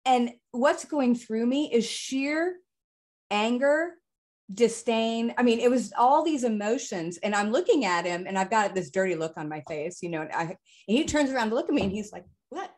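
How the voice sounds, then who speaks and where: A woman hosting a podcast, chatting frankly and telling lively personal stories. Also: a little high, moderate pace. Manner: frank, animated storyteller. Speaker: podcast host. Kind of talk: casual podcast conversation.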